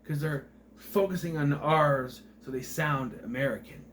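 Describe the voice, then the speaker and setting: A man's voice: a little high, moderate pace, fairly bright tone, a little hiss or hum. A man talking through a movie review in a casual vlog, rambling, sarcastic and exasperated.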